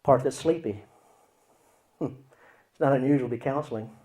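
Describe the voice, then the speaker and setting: Speaking at a normal speed in a medium-pitched voice, this Christian counselor teaches by acting out examples, his volume shifting from loud to hushed.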